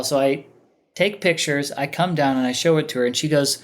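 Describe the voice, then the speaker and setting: Animated man telling a story. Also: on the high side, a little fast. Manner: animated storyteller who acts out other people's lines. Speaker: podcast guest. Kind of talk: candid storytelling in casual conversation.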